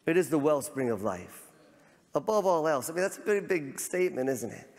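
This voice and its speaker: Male pastor, fervent sermon, higher voice, stumbles and repeats words, long hall reverb. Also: sing-song, brisk. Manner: fervent, repeats words, rises to near shouts. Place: large church sanctuary.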